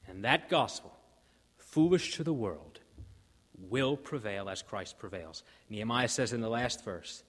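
A man preaching a sermon, emphatic, rising in force on key lines and dropping low for quoted voices. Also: animated, unhurried, fairly bright tone. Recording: hall reverb.

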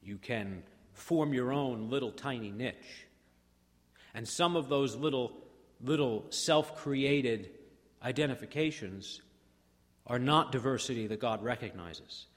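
A man preaching a sermon as pastor, swinging between hushed, drawn-out phrases and rousing, repetitive build-ups. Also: medium pitch. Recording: long hall reverb.

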